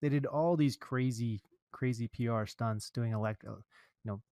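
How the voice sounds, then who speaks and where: A male podcast host chats casually with his co-host and drops playful jokes as he goes. His voice sits at an ordinary middle pitch. It is recorded close and dry, with no room sound around it. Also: normal speed, a little mellow, no room sound. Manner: joking, playful asides.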